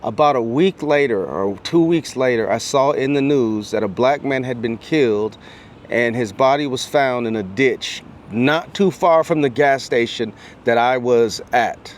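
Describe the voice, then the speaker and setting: A middle-aged man speaks earnestly straight to his viewers, stacking phrase on phrase with a preacher's cadence. His voice sits at an ordinary pitch, with a faint hum of noise behind it. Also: measured pace. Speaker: educator and speaker. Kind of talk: personal storytelling vlog.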